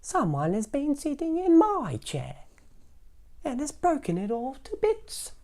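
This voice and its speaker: A man doing a squeaky, tiny baby bear. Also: wildly swooping pitch, a little slow, dark tone, exaggerated voice. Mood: dismayed. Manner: high, squeaky and drawn out. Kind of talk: storybook read-aloud voice.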